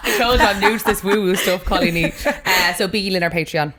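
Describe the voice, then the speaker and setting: A young woman with an Irish accent co-hosts a casual podcast. She teases her friends bluntly and switches easily between chat and reading out plugs, with a voice of ordinary pitch. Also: fairly quick, a bit bright. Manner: teasing, blunt, reads out show plugs. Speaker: podcast co-host.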